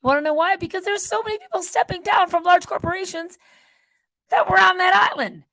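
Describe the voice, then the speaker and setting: A woman hosting her own channel, rambling in a casual monologue that swings between loud outbursts and quiet muttered asides. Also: very high voice, fairly even intonation, fairly quick, creaky, no echo, clean studio sound. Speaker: channel host.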